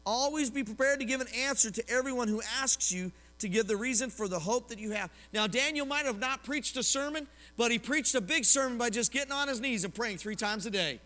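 Bright, high-voiced preacher. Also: male voice, brisk, few pauses. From Oklahoma, US. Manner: lively preaching with personal stories and questions to the congregation. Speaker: pastor. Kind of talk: sermon. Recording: long hall reverb.

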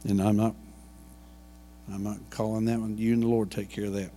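A man's voice: on the low side, little pitch movement, fairly quick, mellow, a little hiss or hum. Folksy male pastor in a reverberant church. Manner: folksy storytelling, asides and jokes. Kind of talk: sermon. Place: church sanctuary.

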